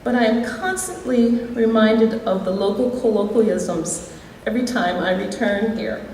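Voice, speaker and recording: A woman from Wisconsin with a Midwestern accent giving a reflective, gently humorous award speech as an alumni inductee. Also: on the high side, lively intonation, a little slow, slight background noise. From Wisconsin, USA. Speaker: alumni hall of fame inductee. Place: large school hall. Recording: echoey hall, voice from far off.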